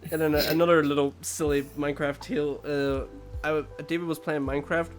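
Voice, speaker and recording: A young man co-hosting a casual podcast chat, excitable and quick to laugh, tripping over his words. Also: fairly high pitch, faint music behind. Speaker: podcast co-host.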